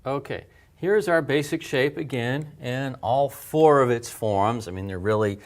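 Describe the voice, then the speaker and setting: Midway through an alphabet lesson, a medium-pitched male teacher covers handwriting and sounds at an even, unhurried pace. Patient and clear, he moves step by step and breathes each sound out loud to show it.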